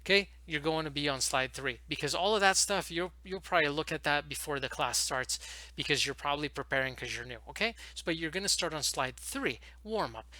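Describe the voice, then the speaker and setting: A man teaching how to run an online English lesson, talking fast and emphatically and acting out classroom phrases. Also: a little high, animated, sharp tone, no echo, poor audio. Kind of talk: instructional talk to camera.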